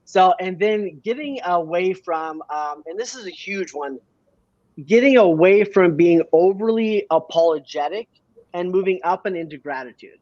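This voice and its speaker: A man's voice: sits high, moderate pace, dry recording, dull audio. A man from Canada, a business coach, talking energetically in an interview and often tagging his points with "right?". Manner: energetic, many restarts and rhetorical "right?". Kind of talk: casual interview talk.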